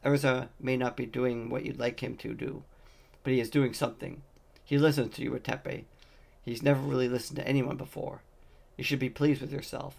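A man's voice: mid-range voice, level tone, brisk, gravelly, darkish tone. A man reading a fantasy novel aloud, voicing the dialogue lightly in his own voice. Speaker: audiobook reader.

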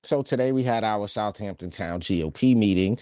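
Energetic man co-hosting a podcast. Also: lowish voice, brisk, dry recording, studio quality. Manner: energetic, talks in bursts with repeated restarts. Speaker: podcast co-host. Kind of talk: casual political podcast chat.

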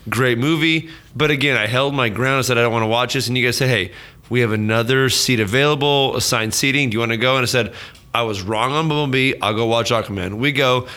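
A man co-hosting a casual chat show, telling a long story, laughing often and swearing freely. His voice is bright and forward, at an everyday pitch. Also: quick pace. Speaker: podcast co-host.

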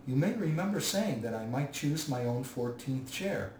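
A man's voice: medium pitch, expressive, moderate pace, a little mellow, natural voice. A man voicing a prim, indignant hobbit, reading from a storybook. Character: fussy, indignant male hobbit. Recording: roomy, distant mic, faint hiss.

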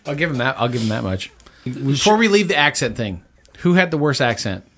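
Animated man giving his movie opinions. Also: medium pitch, a little fast. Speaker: podcast co-host. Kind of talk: casual movie chat.

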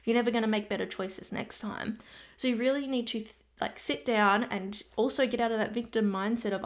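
An Australian nutrition coach with a mid-range voice chats on her own solo podcast, speaking directly to listeners in a relaxed, conversational way. She keeps slipping into quick asides imitating her clients.

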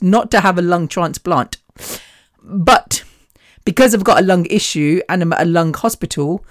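A woman's voice: fairly low pitch, no echo, studio quality. Blunt, defiant woman chatting. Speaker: podcast host. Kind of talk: casual monologue.

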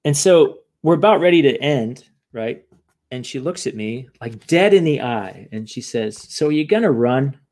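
A man's voice: medium pitch, moderate pace. A man casually telling a long story, acting out what others said, with many "right?" tags. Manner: animated, acts out quoted voices; fillers and tag questions.

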